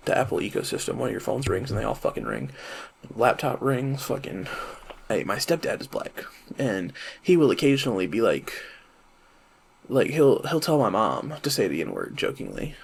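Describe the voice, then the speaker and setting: Gravelly, husky young man rambling. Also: lowish voice. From American South. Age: 20s. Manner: rambling and self-correcting, many fillers and restarts. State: high. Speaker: vlogger and rapper. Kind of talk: casual monologue to camera.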